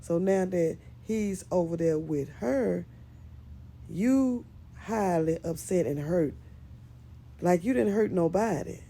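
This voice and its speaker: A woman's voice: mid-range voice, unhurried, gravelly, dark tone. A woman giving casual commentary on a skit series, emphatic and scolding as she talks straight to one of the characters.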